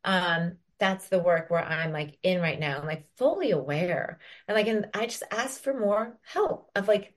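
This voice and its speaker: A woman's voice: lowish voice, expressive, measured pace, few pauses. A woman co-hosting a podcast, talking reflectively and casually, often acting out her own inner voice. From Ireland. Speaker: podcast co-host.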